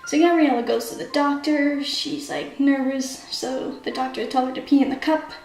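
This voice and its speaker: Girl with a high voice going over her story plot, super chatty, like like like, echoey room, faint music behind. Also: fairly even intonation, moderate pace, a little mellow. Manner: chatty, constant "like" and "kinda" fillers. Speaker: amateur writer summarizing her own story. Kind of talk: casual spoken plot recap.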